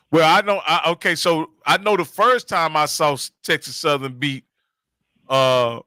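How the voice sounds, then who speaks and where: Man talking college football, emphatic, bright forceful tone, dry close sound. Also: a little high, steady tone, a little slow, no room sound. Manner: conversational, emphatic, drawling. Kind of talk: casual sports chat.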